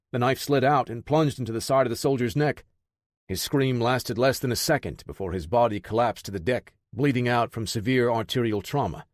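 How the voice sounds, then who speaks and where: A man narrating a military action audiobook in a steady, measured reading. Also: mid-range voice, no echo, studio quality. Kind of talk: scripted narration.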